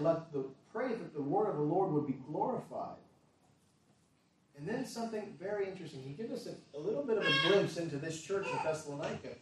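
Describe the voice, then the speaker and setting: An earnest male pastor preaching in a church, his fairly high voice rising to forceful emphasis and dropping to quiet asides. The sound is very echoey and picked up from some distance off the mic. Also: a little hiss or hum. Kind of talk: sermon.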